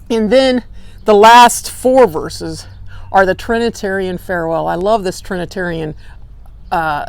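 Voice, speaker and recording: A woman teaching a Bible study, lively and conversational, acting out quotes with emphatic bursts. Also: fairly low pitch, vocal fry. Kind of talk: lecture. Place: church meeting room.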